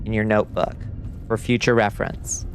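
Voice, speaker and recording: A man hosting a livestream, giving excitable, casual gameplay commentary, chatting with viewers and swearing and yelling when frustrated. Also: lowish voice, moderate pace, soft background music. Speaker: livestream host.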